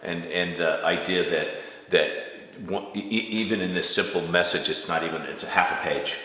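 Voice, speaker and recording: Deep-voiced man, halting, echoey room. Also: steady tone, sharp tone. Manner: halting, repeats words as he talks. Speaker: co-host and board partner. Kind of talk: casual conversation. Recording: echoey room with long reverb.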